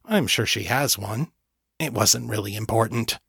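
A man's voice: on the low side, a little slow, vocal fry, a bit bright, husky, no echo, exaggerated voice. Brief: man doing a cocky, drawling incubus, mocking tone, dry close read. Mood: smug. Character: smug male incubus, cocky and teasing.

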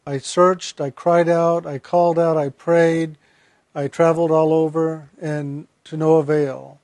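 A man's voice: a little high, level tone, measured pace, darkish tone, no room sound. A man voicing a self-pitying lost soul. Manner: lamenting, repetitive complaints. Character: grieving male soul, self-pitying seeker.

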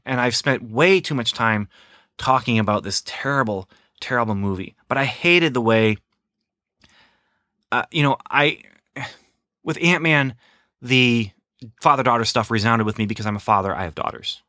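A man's voice: mid-range voice, animated, measured pace, bright, forceful tone, no room sound, studio quality. A middle-aged man giving a rambling, sarcastic casual film review. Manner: rambling, sarcastic, lots of fillers and restarts.

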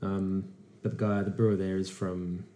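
A man co-hosting a casual beer-review podcast, telling stories in a rambling, animated way. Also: low voice, moderate pace, a little hiss or hum. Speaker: podcast co-host.

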